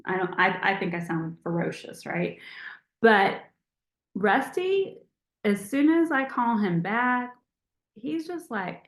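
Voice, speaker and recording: A woman leading a motivational team call over a video call in a chatty, encouraging, animated way. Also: mid-range voice, takes it slowly, reverberant. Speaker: team leader hosting a call.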